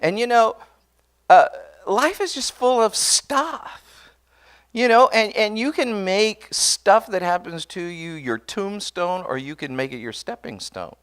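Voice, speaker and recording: A man's voice: high voice, lively intonation, a little slow, a bit bright, clean tone. A pastor telling a personal story in a sermon, conversational and earnest, often restarting his words and speaking straight to the congregation. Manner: addresses the congregation directly.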